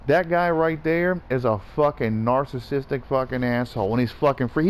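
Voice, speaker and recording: A man's voice: medium pitch, moderate pace, hardly any pauses, slight background noise. Profane ranting man. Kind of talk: casual gaming rant.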